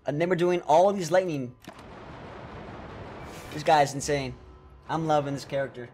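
A man streaming gameplay live, chatting to viewers excitedly and tripping over his words as he plays. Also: on the high side, normal speed, faint music behind. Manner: excitable, talks to chat, trips over words. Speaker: game streamer.

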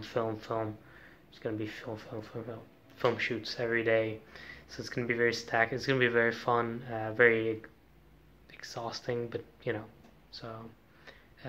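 A man's voice: mid-range voice, a bit bright, dull audio, a little hiss or hum. A young man, a film student, chatting casually into a handheld camera as he goes about his days, loose and full of fillers and restarts. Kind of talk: casual vlog chat. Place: around a city, often outdoors in the streets.

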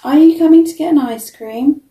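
A woman's voice: high voice, moderate pace, warm tone, roomy sound, pitched above the performer's own voice, lightly acted. A woman voicing an eager, kind young rabbit girl in a storybook reading.

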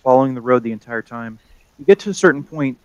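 A man narrating as game master of a tabletop game, pausing often with ums and uhs. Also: mid-range voice, animated, dry recording, dull audio. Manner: hesitant, many ums and uhs.

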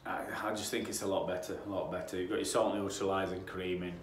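A man's voice: deep voice, level tone, quick pace, reverberant. A man from Yorkshire with a Yorkshire accent, a damp-proofing tradesman talking casually on site, rambling, restarting phrases and drifting off on tangents. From Yorkshire, England.

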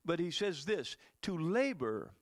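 A man's voice: a little high, big pitch swings, unhurried. A man preaching a sermon as pastor, talking conversationally to the congregation with chuckles and asides.

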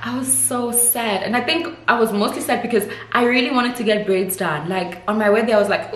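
A young South African woman vlogging, telling a story in an animated, casual way. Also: fairly high pitch, unhurried. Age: young adult. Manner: animated storytelling, mixes in isiZulu phrases. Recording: echoey room with faint noise.

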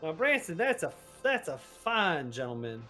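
A man's voice: on the high side, sing-song, normal speed, bright, forceful tone, soft background music. A man co-hosting a game stream, talking in a joking, folksy put-on cowboy drawl. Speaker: stream co-host. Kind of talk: casual stream banter.

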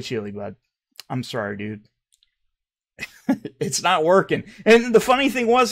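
A man hosting his own commentary channel, heated and mocking, swinging between loud outbursts and quiet asides. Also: on the high side. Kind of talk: ranting commentary.

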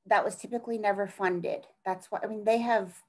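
A woman's voice: mid-range voice, steady tone, a little fast, low-quality recording. A middle-aged woman speaking as an interview guest in an earnest, rambling way, often trailing off and restarting her thoughts. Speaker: interview guest, task force advocate. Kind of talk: conversational interview.

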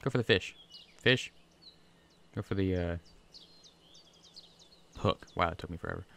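A man's voice: sits low, a little slow, creaky, fairly bright tone, slight background noise. A man chatting casually and rambling through gameplay commentary at his home desk, talking to the fish on screen. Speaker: gaming video creator. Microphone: USB desk microphone.

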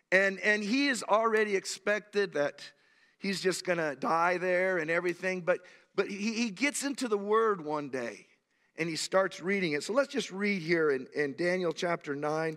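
A pastor in his sixties preaches with animated, emphatic storytelling. His voice sits a little high for a man. The sound carries a long, echoing church reverb. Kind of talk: sermon. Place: church sanctuary.

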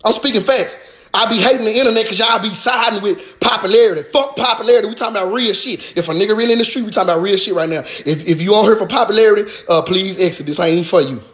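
A man, ranting in an animated, profane and mocking way on a live stream, with a sarcastic repeated "sir". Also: sits high, quick pace. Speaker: rapper addressing his followers.

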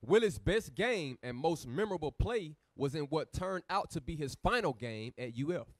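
A man reading news articles aloud in a plain, steady way. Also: on the high side, normal speed, no room sound, studio quality. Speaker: reader of texts for the teacher.

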